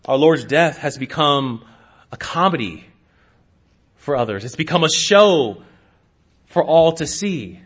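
Pastor, male, high voice, deliberate sermon delivery with emphatic swells. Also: lively intonation, slightly rough. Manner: slow, emphatic preaching with sharp rises in pitch and volume.

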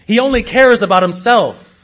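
A man preaching a sermon to his congregation, slow and emphatic, with sudden rises in pitch and loudness. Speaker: pastor.

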